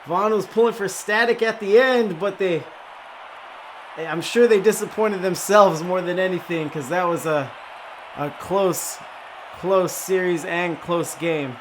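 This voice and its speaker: A young man casting an esports match, shouting on big plays and then chatting loosely through a post-match interview. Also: sits high, measured pace, a little hiss or hum. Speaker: esports caster.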